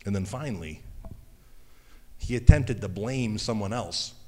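A man preaching a sermon in a conversational, jokey way, with animated asides. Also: on the low side, a little slow, slight background noise. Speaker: pastor. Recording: long hall reverb.

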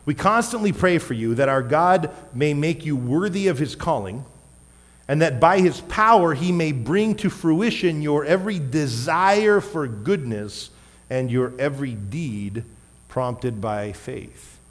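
A man preaching a sermon as a pastor, wearing a microphone, emphatic, with loud stressed words and quiet asides. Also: fairly high pitch, expressive, measured pace. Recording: long hall reverb.

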